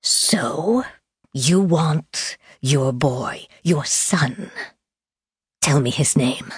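A woman's voice: sits low, husky, no echo, studio quality, full character voice. Woman voicing a hissing sinister male trader. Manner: slow, hissing, contemptuous. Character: sinister sneering male trader, cruel and scornful.

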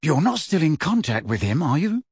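A man's voice: a little high, very animated, moderate pace, a little mellow, breathy edge, no room sound, clean studio sound, exaggerated voice. Ron, voiced by a man, a blunt teen wizard. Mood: suspicious. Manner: blunt and accusing. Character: blunt, suspicious teenage boy wizard. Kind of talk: audiobook character voice.

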